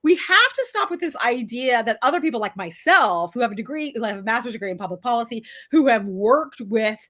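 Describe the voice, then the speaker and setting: Animated, outspoken woman guest. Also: on the high side, brisk. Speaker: congressional candidate guest. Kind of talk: casual live chat interview.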